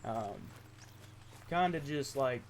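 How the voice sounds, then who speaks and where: A young man from southeastern Ohio with an Appalachian accent, chatting casually over gameplay, halting and full of ums. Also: mid-range voice, expressive, slight background noise. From southeastern Ohio, USA. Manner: rambling, halting, lots of ums and self-corrections. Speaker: gaming YouTuber.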